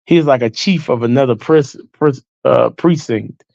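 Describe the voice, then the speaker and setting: A man's voice: medium pitch, moderate pace, gravelly, a little mellow, no room sound, highs cut off. A man hosting a livestream, telling stories to his viewers in a loose, chatty way and calling them y'all. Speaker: livestream host. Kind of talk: casual storytelling to viewers.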